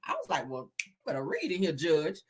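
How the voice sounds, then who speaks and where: A woman's voice: deep voice, huge pitch swings, a little fast, breathy edge. A woman hosting a casual gossip show, sassy, laughing a lot and mimicking the people she talks about. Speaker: gossip channel host.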